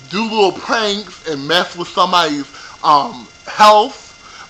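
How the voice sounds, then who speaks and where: High bright-voiced man ranting profanely. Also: a little hiss or hum, rough recording. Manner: profane, animated, talks straight to viewers. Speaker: reality TV recap vlogger. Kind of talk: ranting show recap.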